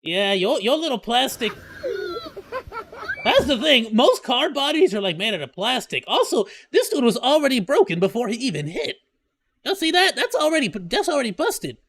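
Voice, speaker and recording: Brief: excitable male streamer, bright, very animated, reacting and joking. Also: extremely high pitch, normal speed. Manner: excitable, joking, laughs often. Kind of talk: live reaction stream commentary.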